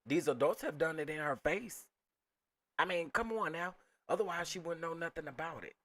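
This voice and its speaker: A man's voice: on the high side, lively intonation, normal speed, a bit bright. Emphatic man in casual reaction commentary. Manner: emphatic, repeats phrases, talks straight to viewers as "y'all". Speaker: commentary channel host.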